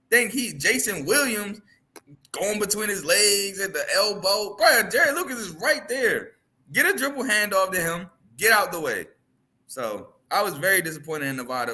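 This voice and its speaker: A man with a slightly high, bright, forceful voice breaks down a basketball game on a podcast. He hammers his points with rhetorical questions, talking casually but with plenty of emphasis. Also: big pitch swings, moderate pace. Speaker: podcast co-host. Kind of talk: casual sports chat.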